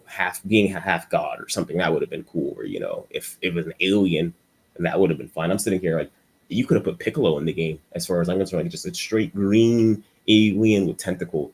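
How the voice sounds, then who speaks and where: A man with a low voice talks through an unscripted video essay. He rambles and stumbles over his words, restarting sentence after sentence. His voice has a husky edge. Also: expressive, fairly quick. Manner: rambling, stuttering, many restarts. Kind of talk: unscripted commentary monologue.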